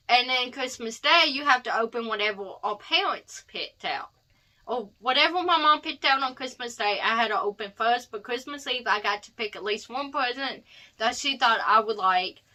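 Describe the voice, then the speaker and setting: A woman's voice: fairly high pitch, sharp tone. A young woman telling a personal story in a chatty, heartfelt vlog, rambling with asides. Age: young adult. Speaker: vlogger.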